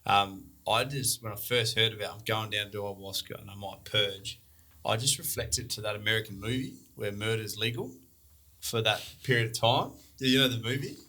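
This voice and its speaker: A man co-hosting a podcast, talking in a relaxed, chatty way. His voice is bright and forceful and sits on the low side. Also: fairly quick. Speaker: podcast host. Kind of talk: casual chat.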